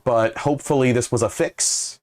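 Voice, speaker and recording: A man's voice: mid-range voice, steady tone, moderate pace, darkish tone. A man co-hosting a gaming stream, chatting casually, laughing often and swearing now and then. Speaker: co-host running the game controls.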